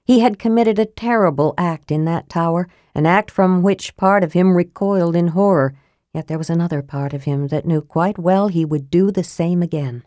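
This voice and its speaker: A woman narrating a fantasy audiobook in a measured, grave storytelling manner, close to a studio microphone. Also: fairly low pitch, mellow, dry recording.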